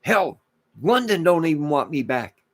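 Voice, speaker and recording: A man hosting his own channel, delivering a rambling rant to camera, emphatic and repetitive, swinging between loud declarations and muttered asides. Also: a little high, very animated, a little slow, husky. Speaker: channel host.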